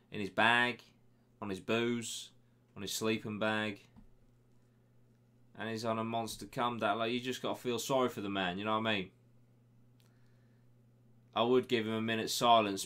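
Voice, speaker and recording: A man's voice: lowish voice, fairly bright tone. A young man hosting a web show, reading a listener's email aloud with sarcastic, swearing asides. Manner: banter-heavy, sarcastic asides to the sender.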